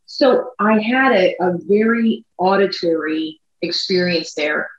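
Podcast lady rambling through a story, lowish voice, kinda muffled echoey room. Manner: chatty, rambling, speeds up and slows down. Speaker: podcast co-host. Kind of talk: casual storytelling chat. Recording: echoey room, dull lo-fi sound.

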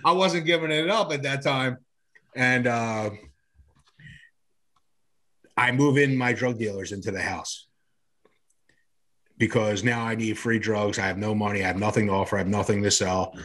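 A man with a lowish, slightly bright voice talks at a moderate pace with long pauses. He's an interview guest telling his own recovery story casually and ramblingly, full of fillers, restarts and swearing.

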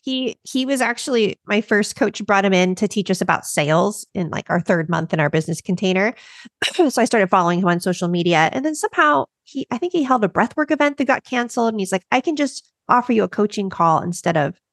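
A woman's voice: mid-range voice, expressive, a little fast, no echo, studio quality. A woman co-hosting a casual podcast, telling a story in an earnest and enthusiastic way. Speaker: podcast co-host, coach. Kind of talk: casual chat.

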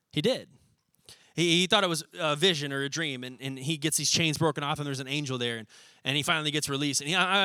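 A young man preaching a sermon as pastor, talking in a lively, casual way and acting out little scenes as he goes. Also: on the high side, no room sound. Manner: animated, conversational, acts out scenes in quick voices.

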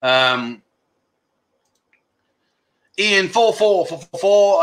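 A middle-aged man hosting a casual livestream chat, rambling and joking as he reads out viewer comments with quick asides. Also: high-pitched, very animated, bright, forceful tone. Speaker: livestream host.

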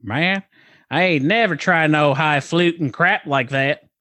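A man's voice: a little high, a little slow, bright, forceful tone, no room sound. A man voicing a simple, friendly rural man with a folksy drawl. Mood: hearty.

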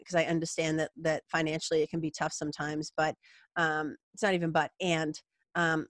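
A woman's voice: low-pitched, dry recording. Candid, emotional woman with a dry sound. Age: middle-aged. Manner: candid, rambling, emotional, swears casually. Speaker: yoga teacher and podcast host. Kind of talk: heartfelt personal monologue.

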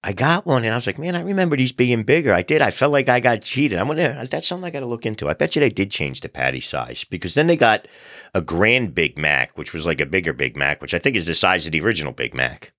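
A man hosting a podcast, telling funny stories in a relaxed, animated way. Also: low-pitched, quick pace, no echo, studio quality. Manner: animated storyteller, acts out crowd voices. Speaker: podcast host. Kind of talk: casual storytelling chat.

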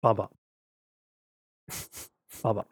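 A man's voice: takes it slowly, no room sound, studio quality. A man co-hosting a comedic podcast, talking through song lyrics and half-singing them between laughs. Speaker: podcast co-host. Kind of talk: casual comedic chat.

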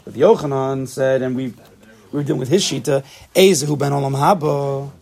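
A man's voice: mid-range voice, brisk, vocal fry, a little mellow. A man leading a casual Talmud study class, thinking aloud and checking in with his students. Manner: thinks aloud, asks the class questions, laughs at himself.

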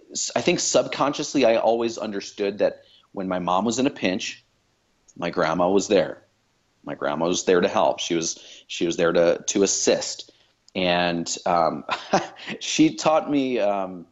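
Guy on a podcast, lowish voice, thinks out loud, kinda dull lo-fi audio. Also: a little slow. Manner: thoughtful, many fillers and restarts. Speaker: podcast guest. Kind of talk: reflective conversation.

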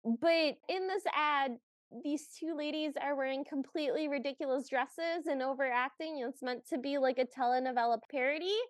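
Podcast co-host, female, high voice, dry close sound; animated movie recapper. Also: normal speed, no echo. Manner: animated, acts out characters' lines in quotes. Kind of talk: casual chat recapping a movie.

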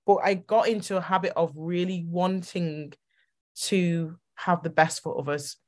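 Animated woman podcast host, lowish voice. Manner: animated, emotional storytelling with quick bursts. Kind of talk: casual interview chat.

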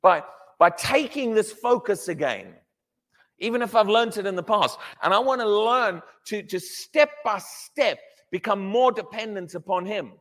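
A high-voiced man preaching with lively swings in pitch, stressing his points with repeated restarts. His voice rings through a large hall with a long reverb. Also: unhurried. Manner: animated, emphatic, with repeated restarts. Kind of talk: sermon.

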